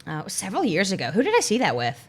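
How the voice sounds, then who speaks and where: A woman co-hosting a podcast who runs a quiz game, reading prompts deadpan and laughing often in casual banter. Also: medium pitch, very fast. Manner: giggly, reads prompts deadpan then laughs.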